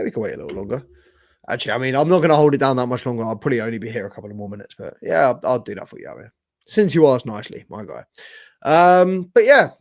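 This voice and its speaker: A young man hosting a live football reaction stream, casual and sweary, his voice hoarse from shouting. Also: medium pitch, no room sound, studio quality. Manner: casual, sweary, slangy, talks to chat. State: losing his voice. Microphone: streaming setup with camera.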